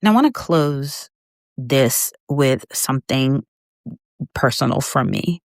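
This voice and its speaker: A woman's voice: extremely low pitch, animated, slow, dry recording, studio quality. A middle-aged woman hosting a faith-based podcast, talking heartfelt and conversational to her listener, holding back tears. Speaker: podcast host.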